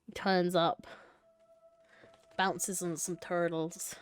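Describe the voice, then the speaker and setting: A young woman streaming a story game, reading the text aloud and bantering with her chat in a loose, joking way. Her pitch sits in the ordinary middle, and the recording is dry and close with faint music underneath. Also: lively intonation, moderate pace, no room sound. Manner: playful, laughing, swears casually, chats with viewers.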